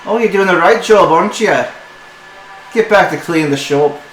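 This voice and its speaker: A man voicing a rude, bossy female dwarf shopkeeper with a shrill, higher-pitched voice who curses at her customers. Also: moderate pace, natural voice. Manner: curses and snaps at people. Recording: echoey room with some noise.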